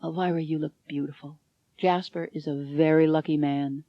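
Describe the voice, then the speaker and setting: A woman voicing a cocky young man, a charming troublemaker, speaking low and quiet. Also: steady tone, moderate pace, dry recording, dull audio, natural voice. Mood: soft.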